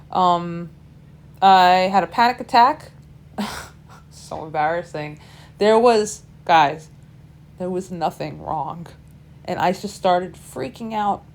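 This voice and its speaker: Chatty woman vlogging from a cockpit. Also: mid-range voice. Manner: chatty, candid, self-deprecating, with restarts and swearing. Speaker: vlogger and pilot. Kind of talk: casual storytelling vlog. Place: small plane cockpit in flight.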